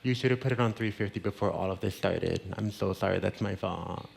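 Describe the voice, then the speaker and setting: A man with a fairly low voice talks through a recipe as a cooking show host. He keeps it chatty and playful, slipping in Spanish words as he goes. Faint kitchen ambience sits behind him. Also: a little fast, vocal fry, a little hiss or hum. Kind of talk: casual cooking demonstration. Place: home kitchen.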